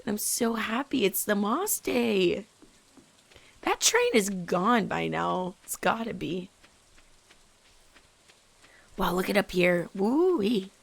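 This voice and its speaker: A woman hosting a casual let's play, chatting excitedly and sometimes dropping into whispers as she plays. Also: medium pitch, slow pace, gravelly, long pauses. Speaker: gaming channel host.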